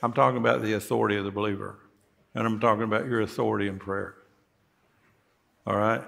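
A man's voice: on the low side, steady tone, quick pace, creaky, fairly bright tone. A male pastor delivering a sermon in a church, folksy in tone and rising emphatically on key words. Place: church sanctuary.

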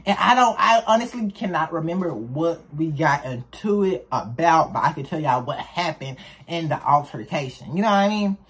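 A young woman with a low, slightly rough voice tells her viewers a story from her school days at a moderate pace. Her delivery is chatty and animated, sprinkled with slang.

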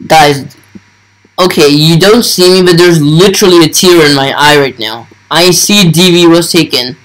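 A young man giving excited, starstruck commentary over his gameplay, full of breathless exclamations. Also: a little high, moderate pace, rough recording. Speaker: gaming YouTuber.

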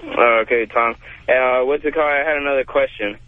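A young man calling a radio show for career advice, polite and hesitant, with halting speech. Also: medium pitch. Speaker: caller. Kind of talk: phone-in call. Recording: tinny phone line, dry.

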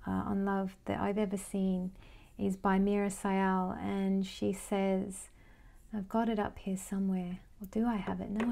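This is a woman teaching Vedic astrology in a loose, conversational lesson. Her voice is dark and mellow, with a gravelly edge of vocal fry. She thinks aloud as she works through her notes. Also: medium pitch. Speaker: Vedic astrology life coach.

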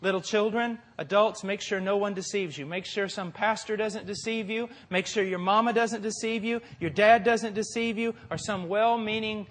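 A man preaching a sermon with passion, moving from quiet, deliberate phrases to forceful peaks. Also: high voice, steady tone. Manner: impassioned, swings from quiet to forceful.

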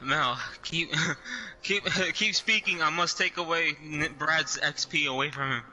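A man's voice: fairly high pitch, a little slow, pushed and bright, a little hiss or hum, low-quality recording. A man chatting while playing a game with a friend, teasing him and laughing often. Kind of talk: casual gameplay chatter.

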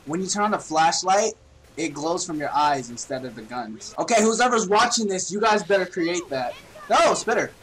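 Young guy gaming w friends, super high voice, laughs and yells a lot, noisy mic. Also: normal speed. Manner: excitable, laughs and yells often. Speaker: gaming channel host. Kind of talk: casual gameplay chat with friends.

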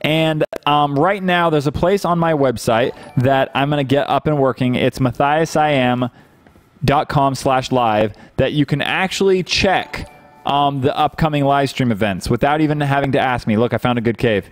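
A man's voice: medium pitch, normal speed, soft background music. A young man in his twenties, a gaming streamer, chatting casually and teasing while he plays. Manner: teasing, joking, laughs often. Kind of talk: casual gameplay chat.

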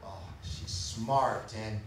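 A man playing a reserved boss who talks haltingly with many fillers, recorded in an echoey hall from far away. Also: lowish voice, noisy background. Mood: awkward. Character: reserved, awkward male boss confessing feelings. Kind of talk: community stage musical acting.

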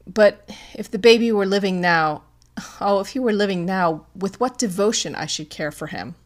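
A woman's voice: medium pitch, moderate pace, lightly acted. A woman voicing a grieving, widowed young mother who is proud and desperate, speaking with emotional pleading in an audiobook.

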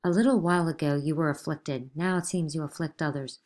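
A woman's voice: deep voice, steady tone, a little fast, darkish tone, lightly acted. Woman voicing a stern old male judge. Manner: commanding, demanding. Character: stern older male judge, imperious interrogator.

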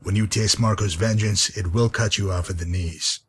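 Game NPC: man playing a husky, low-voiced, weary wasteland guide. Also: steady tone, moderate pace. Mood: weary, dry. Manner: dry, weary, patient. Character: gruff grizzled male wasteland guide. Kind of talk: game character dialogue.

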